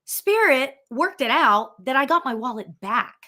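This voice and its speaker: Loud fast-talking woman telling a story. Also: high-pitched, animated. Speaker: medium and show host. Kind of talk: casual chat.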